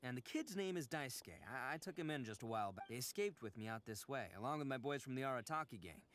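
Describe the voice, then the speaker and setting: An actor playing a blustering young male gang boss who stammers and brags, soft-hearted under the bravado. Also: medium pitch, lively intonation, quick pace, a little hiss or hum, natural voice. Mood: earnest. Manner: stammering, boastful, hesitant.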